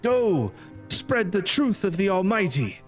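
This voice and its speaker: A man voicing a scheming high priest who preaches grandly to his congregation. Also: sing-song, unhurried, soft background music. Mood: grandly preaching. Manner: hushed and angry, then grand and preachy.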